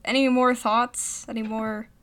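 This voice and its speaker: Bright, giggly young woman co-host. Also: fairly high pitch, little pitch movement, unhurried. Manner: giggly, wry. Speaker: podcast co-host. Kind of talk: casual chat.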